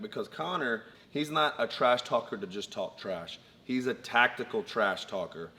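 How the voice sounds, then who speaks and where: A man's voice: medium pitch, lively intonation, normal speed, pushed and bright. A man co-hosting a casual fight breakdown, laying out his points methodically and in order. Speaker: co-host, fight analyst. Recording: long reverb, faint background noise.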